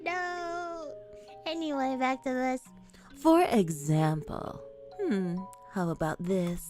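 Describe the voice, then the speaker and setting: Brief: woman streamer and voice actress, high lively voice, laughing self-mocking asides, live game translation. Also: takes it slowly, faint music behind.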